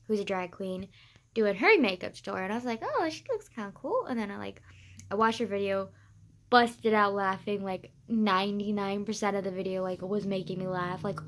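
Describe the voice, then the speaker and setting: A teenage girl talking casually to camera, gushing and excitable, full of sighs, fillers and swearing. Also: medium pitch. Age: teens. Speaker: vlogger. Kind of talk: casual rambling vlog.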